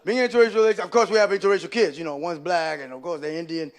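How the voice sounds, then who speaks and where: A man doing live stand-up comedy, telling animated stories and slipping into loud character voices. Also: on the high side, racing.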